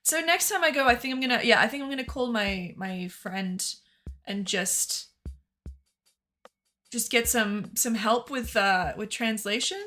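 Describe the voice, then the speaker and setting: A woman's voice: on the high side, measured pace, bright, forceful tone, faint music behind. A woman streamer telling a story in casual chat, rambling with fillers and laughs.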